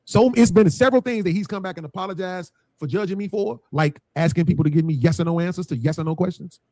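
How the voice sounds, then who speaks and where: A man's voice: sits high, quick pace, darkish tone, dry recording. A man who runs a panel show, talking bluntly with heavy swearing and acting out what people said. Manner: blunt, profane, acts out quotes. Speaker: panel host. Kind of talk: casual panel talk.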